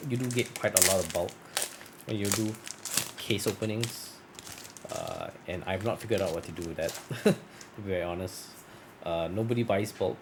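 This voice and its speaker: A man chatting casually while opening card packs, rambling and correcting himself, his voice turning scratchy from long talking. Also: low-pitched. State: voice getting scratchy. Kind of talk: casual unboxing chat.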